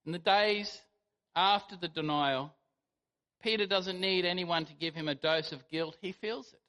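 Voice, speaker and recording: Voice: mid-range voice, measured pace, fairly bright tone. A preacher giving a sermon, telling the story animatedly and acting out quotes. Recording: long hall reverb.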